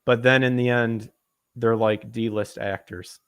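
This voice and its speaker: A man rants and swears his way through a casual podcast conversation. His voice sits in a middle range and keeps jumping higher as he gets heated. The sound is close and dry, with no room echo. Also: steady tone, slow, clear, resonant tone. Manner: profane, ranting, pitch jumps when worked up. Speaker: podcast host.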